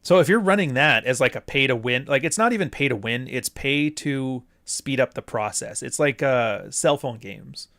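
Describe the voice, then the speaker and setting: A man's voice: medium pitch, expressive, normal speed, few pauses, fairly bright tone, no room sound, clean studio sound. A man from the Pacific Northwest hosting a livestream, reading super chats and rambling off on tangents, with plenty of swearing. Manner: rambling, goes off on tangents, profane. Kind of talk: casual livestream talk.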